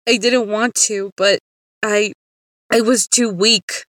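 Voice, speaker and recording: A woman's voice: mid-range voice, fairly even intonation, slow, no room sound, natural voice. A woman voicing a guilt-ridden man in a storybook tale, crying out and pleading with a raised voice. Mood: distraught.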